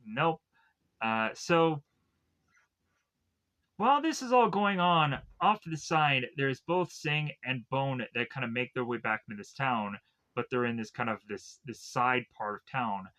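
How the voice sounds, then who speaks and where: A man's voice: mid-range voice, animated, measured pace, pushed and bright. A man casually recapping a film's plot as a reviewer, rambling with lots of "like" and "uh" fillers. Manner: rambling, filler-heavy with constant "like" and "uh". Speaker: film reviewer.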